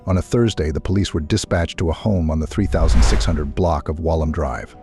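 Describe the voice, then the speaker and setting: Deep-voiced male narrator over music. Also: fairly quick. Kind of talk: scripted narration.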